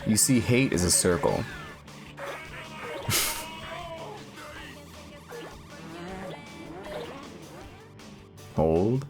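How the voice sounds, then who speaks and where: A man streaming a game and chatting casually, rambling with lots of filler words and deadpan jokes. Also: deep voice, moderate pace, vocal fry, over music. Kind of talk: casual gaming stream chat.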